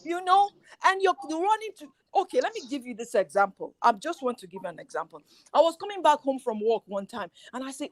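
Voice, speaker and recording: High-voiced woman telling stories. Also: a little fast, no room sound. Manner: animated storytelling, acting out quoted dialogue. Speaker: guest on a relationship talk show. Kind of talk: casual chat.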